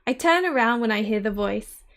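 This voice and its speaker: A woman in her thirties, excitably reading a visual novel aloud and reacting with giggles. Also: on the high side, normal speed. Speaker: game streamer.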